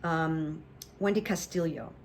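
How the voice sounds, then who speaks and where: A woman's voice: deep voice, measured pace, darkish tone. A woman hosting her own show, telling a casual story in a chatty, self-deprecating way with lots of fillers. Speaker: host.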